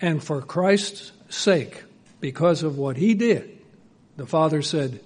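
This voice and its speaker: Male preacher, slightly high voice, earnest, moves between hushed and emphatic delivery. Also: slow pace, slightly rough. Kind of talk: sermon.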